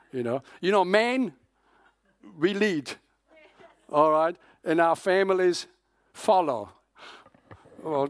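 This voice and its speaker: A male pastor preaching in a fairly high voice, telling the story with lively acted-out quotes and casual fillers. The sound is dry and close. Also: no room sound. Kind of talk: sermon.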